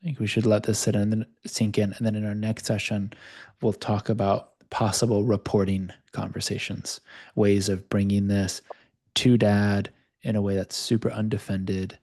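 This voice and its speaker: A man with a fairly low, mellow voice leads a live coaching session over a video call. He speaks calmly and reflectively, sharing his own experience to guide a participant. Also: moderate pace. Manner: calm, reflective, speaks of own past openly.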